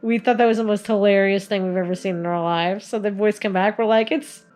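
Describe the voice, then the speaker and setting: A woman's voice: mid-range voice, steady tone, fast talker, darkish tone, faint music behind. A woman in her forties casually telling family stories to the camera in a chatty way, laughing often as she goes. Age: 40s. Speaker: video host sharing family stories.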